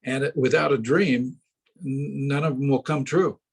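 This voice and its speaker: Gravelly raspy guy chiming in on the panel, slow and thoughtful. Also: medium pitch, steady tone, poor audio. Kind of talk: panel discussion.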